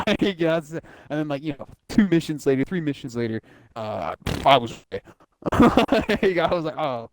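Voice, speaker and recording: A young man hosting a casual podcast, talking excitedly and swearing often, acting out game scenes in quick voices. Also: a little high, dry recording. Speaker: podcast host. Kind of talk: casual chat.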